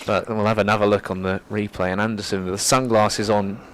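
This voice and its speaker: A young man doing live cricket commentary from a commentary box, getting loud and excited at big moments. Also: fairly quick, slight background noise. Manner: lively, rises sharply in pitch and volume at big moments. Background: faint crowd and ground ambience.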